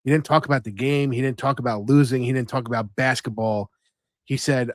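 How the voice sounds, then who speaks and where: A man's voice: mid-range voice, fairly even intonation, quick pace, dry recording, clean studio sound. A man co-hosting a podcast, telling stories in a rambling, chatty way with lots of fillers and restarts. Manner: chatty storyteller, lots of "you know" and restarts. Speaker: podcast co-host. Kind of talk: casual chat.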